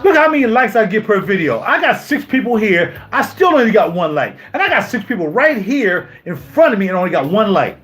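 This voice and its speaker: A man's voice: high-pitched, big pitch swings, a little fast, hardly any pauses, fairly bright tone, soft background music. A man in his fifties ranting on a live stream. He sounds indignant, repeats himself and fires off rhetorical questions. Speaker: YouTuber. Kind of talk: heated live-stream rant. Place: home music studio.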